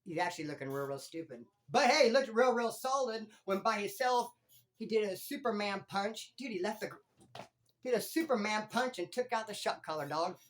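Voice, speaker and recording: A former prisoner hosting his own channel, telling stories in animated street slang. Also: sits high, normal speed. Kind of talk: casual storytelling vlog.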